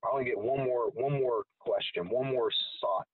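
A man's voice: medium pitch, moderate pace, breathy edge, no echo, distant mic. A man telling a long personal story in a casual, rambling way with frequent swearing. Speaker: guest. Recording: tinny phone-like sound from off-mic.

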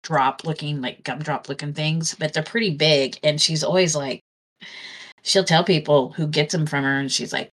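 A woman's voice: sits low, steady tone, moderate pace, a bit bright. A woman chatting casually, telling a long, rambling anecdote with lots of restarts. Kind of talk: casual storytelling chat.

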